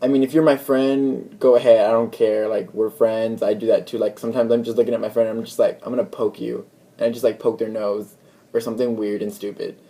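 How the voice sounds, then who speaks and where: A man's voice: fairly low pitch, level tone, brisk, dark tone. A young man casually telling a story to the camera as a vlogger, rambling and chatty, filling his talk with "like" and acted-out bits of dialogue. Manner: rambling, chatty retelling full of "like" and quoted dialogue.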